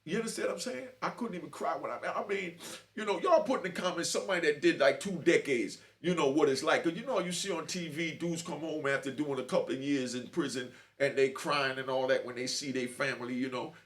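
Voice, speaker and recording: A man's voice: a little high, fairly quick, fairly bright tone. A middle-aged man telling his own story to camera in a streetwise way, often asking "you know what I mean". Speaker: host.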